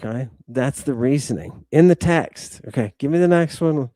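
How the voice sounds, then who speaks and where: A man's voice: mid-range voice, expressive, moderate pace, warm tone, no room sound, studio quality. A man hosting a livestreamed lecture, combative and emphatic, addressing his audience directly and repeating his points. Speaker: host.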